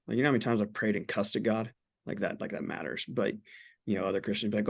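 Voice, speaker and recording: A man's voice: fairly low pitch, fast, creaky, husky. A man in his forties, a podcast guest, talking candidly about faith in an earnest, blunt way with casual swearing. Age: 40s.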